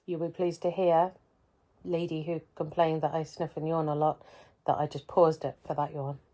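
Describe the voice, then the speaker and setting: A woman vlogging a casual weekly update, rambling and hesitant, often pausing and mocking herself. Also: deep voice, little pitch movement, warm tone. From England.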